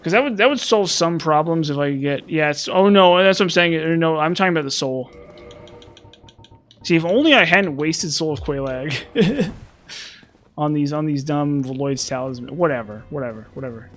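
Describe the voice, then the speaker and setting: Guy rambling through a game, thinking out loud, kinda self-deprecating, slightly high voice. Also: moderate pace, faint music behind. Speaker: gameplay commentator. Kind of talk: casual gameplay commentary.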